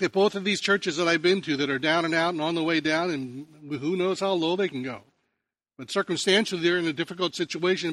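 A man's voice: fairly high pitch, a bit bright, no room sound. Conversational storytelling preacher man. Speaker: pastor and teacher. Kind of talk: sermon.

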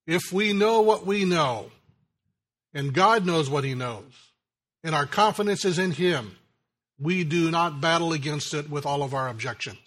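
The speaker is a pastor delivering a sermon; his joke story unfolds at a slow, deliberate pace, each phrase trailing off quietly and low.

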